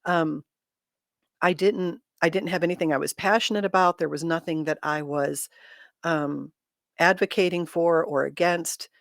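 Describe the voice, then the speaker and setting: A woman's voice: lowish voice, fairly even intonation, normal speed, vocal fry, no room sound, studio quality. A middle-aged woman hosting a casual livestream chat, speaking candidly with self-deprecating humor and reading viewer comments aloud.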